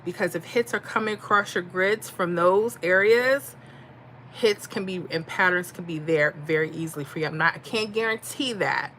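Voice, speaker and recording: A middle-aged woman from Florida hosts a livestream, chatting in a folksy way and reading viewer comments aloud. Her voice is mid-range, bright and forceful, with a little hiss or hum in the audio.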